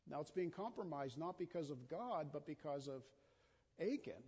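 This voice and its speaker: A middle-aged man preaching a sermon in an earnest, conversational way, often repeating himself as he speaks, swinging from urgent and loud to quiet and intimate. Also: a little high, lively intonation, moderate pace, slightly rough. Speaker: pastor. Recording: dull sound with long hall reverb.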